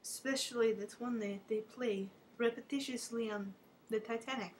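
A woman hosting a homemade comedy show in a theatrical, bossy way, swinging between loud scolding and hushed asides. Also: a little high, steady tone, moderate pace, a little hiss or hum.

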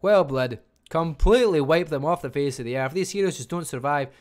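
A Scottish man casting a live online strategy game match, talking fast and chattily and barely stopping for breath. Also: a little high. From Scotland. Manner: fast, chatty, talks without pausing. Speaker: game caster. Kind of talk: live esports commentary.

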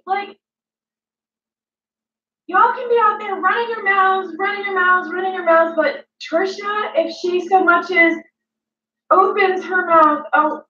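A woman's voice: very high-pitched, bright, forceful tone, far from the mic, a little hiss or hum, full character voice. A woman playing a dramatic female influencer, ranting emotionally at her critics with repetition and swearing. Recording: dull, echoey room, mic set back.

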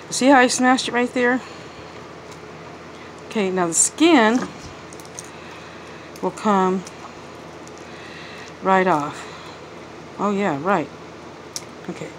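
A woman's voice: medium pitch, slight background noise, poor audio. A woman showing her kitchen projects in a chatty home vlog, filming one-handed on her phone and a little out of breath. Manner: chatty, talks while working one-handed. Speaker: cooking vlogger. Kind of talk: casual kitchen demonstration. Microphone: handheld phone.

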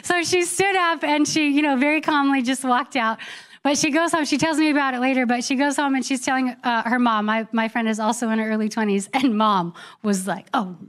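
Animated woman pastor preaching, fairly high voice. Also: a little fast. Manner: animated storytelling, laughs often, drops soft for scripture. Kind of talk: sermon.

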